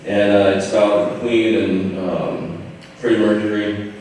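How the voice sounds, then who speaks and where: At a memorial gathering in a large hall, a son gives a eulogy from notes in an informal, halting way with light humor. His voice is fairly low, a little mellow, and fairly even in intonation. He sounds far off, picked up by a distant mic in the echoey hall, with a little hiss or hum.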